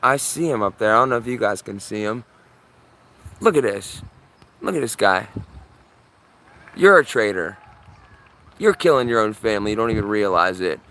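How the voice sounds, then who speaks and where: A man streaming live outdoors from his yard on a phone camera. He comments on the sky in an urgent, excitable way and keeps repeating himself. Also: on the low side, moderate pace, long pauses. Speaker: livestreamer.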